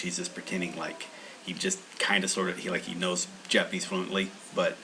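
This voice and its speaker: A man's voice: low-pitched, flat delivery, a little fast, sharp tone, a little hiss or hum, low-quality recording. A man hosting a language-learning channel, talking in a meandering, casual monologue full of restarts.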